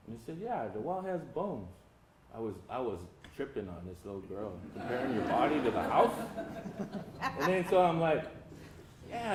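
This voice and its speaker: An older man with a fairly high voice tells folksy, humorous stories at a symposium, addressing the audience directly. The lecture hall recording has a roomy sound, faint ambience, and a noisy background.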